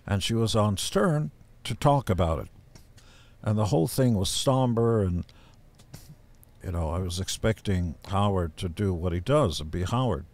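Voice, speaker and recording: A man in his seventies, a podcast guest, telling stories in a gruff, deadpan way and acting out other people's voices. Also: lowish voice, normal speed. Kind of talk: casual storytelling.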